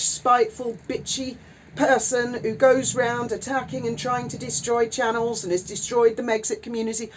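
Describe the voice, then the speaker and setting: A woman's voice: mid-range voice, a little hiss or hum. A woman, indignantly ranting and swearing in a vlog. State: widowed. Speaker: YouTuber. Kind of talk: angry vlog rant.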